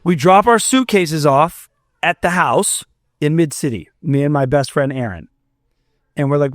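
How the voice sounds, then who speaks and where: Speaking at a moderate pace in a somewhat high voice, a young Fort Myers musician rambles through a lengthy story on a casual podcast, restarting often and quoting what people said. The audio is studio quality with no echo.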